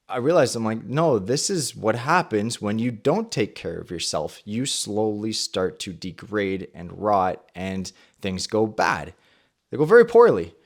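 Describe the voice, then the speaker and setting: A young adult man hosting a faith podcast, telling a personal story and acting out his own past thoughts in a lively way. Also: fairly low pitch. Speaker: podcast host. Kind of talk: personal testimony and Bible talk.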